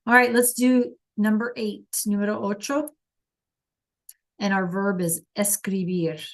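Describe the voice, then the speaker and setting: Slow, encouraging woman teaching online. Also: mid-range voice. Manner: encouraging, praises students by name. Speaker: Spanish teacher. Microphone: video call.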